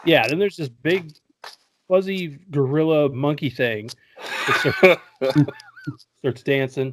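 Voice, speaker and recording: A man's voice: fairly high pitch, slow pace, background noise. A man hosting a casual podcast, recapping a movie in a joking, profane way and laughing often. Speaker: podcast host.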